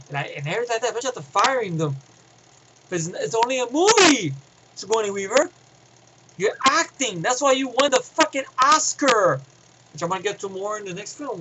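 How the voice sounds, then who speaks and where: A man giving a casual, rambling film review, excitable and profane, often restarting his sentences. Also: very high-pitched, moderate pace, noisy background.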